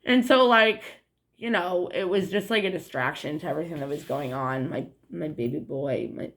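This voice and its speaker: A young woman with a New England accent gives her viewers a meandering, casual monologue to camera, laughing often and leaning heavily on "like" and swearing. Her low voice has a fairly bright tone and a moderate pace.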